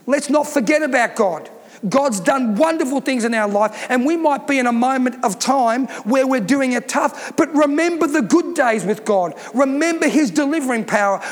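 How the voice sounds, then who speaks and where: A man's voice: extremely high pitch, big-room sound. A man preaching a sermon as pastor, emphatic and given to repeating his points. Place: church.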